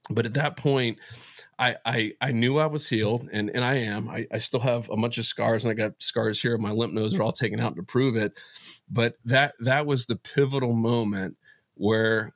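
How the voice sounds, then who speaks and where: A man speaks as a guest in a relaxed interview, earnest and openly moved as he tells a personal story. His voice sits at an ordinary middle pitch and he stops and restarts his sentences often. The recording is close and dry, with almost no room sound. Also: dry recording. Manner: earnest and emotional, halting restarts. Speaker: podcast guest, business founder.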